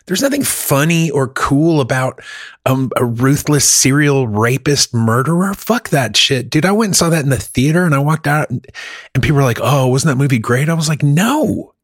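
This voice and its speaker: Guy ranting and cussing in a chill chat, kinda husky, dry close mic. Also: medium pitch, normal speed, no room sound. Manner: profane, ranting, animated. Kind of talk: casual podcast chat.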